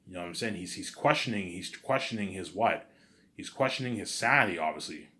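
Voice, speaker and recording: Male vlogger, low-pitched, rapid and rambling, crude, stumbles and restarts often. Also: lively intonation, bright, forceful tone. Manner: rambling, profane, keeps saying "you know what I'm saying". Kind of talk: casual storytelling.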